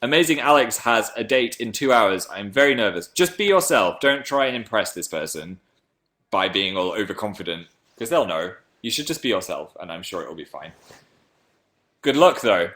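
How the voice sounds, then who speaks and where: A man's voice: big pitch swings, normal speed, a bit bright. Young male livestreamer, slight northern English lilt, playful and chatty, casual webcam chat. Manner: chatty and playful, jumps into silly high voices. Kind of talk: casual livestream chat answering viewer comments.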